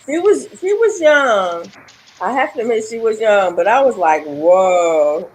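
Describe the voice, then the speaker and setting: A woman's voice: mid-range voice, expressive, unhurried, darkish tone, slight background noise, rough recording. A woman in casual chat on a video call live stream, retelling stories and mimicking how people reacted. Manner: chatty, mimics quoted reactions.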